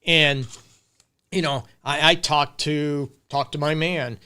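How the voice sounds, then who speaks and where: In a live-stream Q&A, a middle-aged relationship counselor gives casual, emphatic advice aimed right at his viewers. His voice is a little high and steady, slow, sharp, clear, and resonant.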